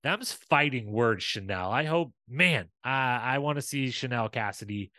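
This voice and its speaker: Man, podcast host, excited chatty recap, dry close sound. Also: medium pitch, unhurried, no room sound. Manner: enthusiastic, chatty, animated. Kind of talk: solo recap commentary.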